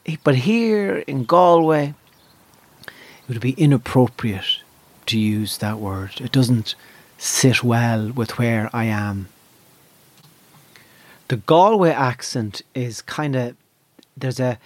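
A man's voice: mid-range voice, no room sound. A man with an Irish accent doing a stand-up routine, swearing freely and rambling from one thought to the next. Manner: profane, rambling, jumps into quick impressions. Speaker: stand-up comedian.

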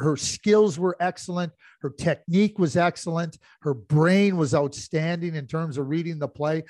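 A man's voice: a little high, darkish tone, dry recording, studio quality. A middle-aged man co-hosting a casual hockey podcast, rambling with many restarts as he tells anecdotes. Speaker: podcast co-host.

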